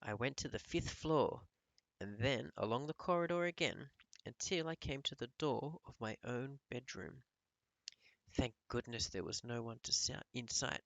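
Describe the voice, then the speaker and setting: Gravelly male teacher reading aloud. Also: medium pitch, moderate pace, dry recording, poor audio. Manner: calm storytelling narration. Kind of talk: reading a novel aloud to pupils.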